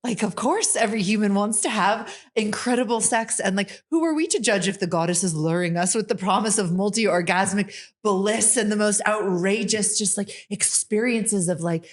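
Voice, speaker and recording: A woman's voice: medium pitch, moderate pace. A woman hosting a podcast, talking with enthusiasm, often saying "like" and laughing easily. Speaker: podcast host. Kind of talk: casual podcast conversation.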